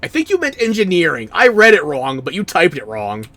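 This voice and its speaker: A man's voice: fairly high pitch, wildly swooping pitch, a little fast, pushed and bright. A man streaming a game, giving casual commentary in a wry, sarcastic way and bantering with chat.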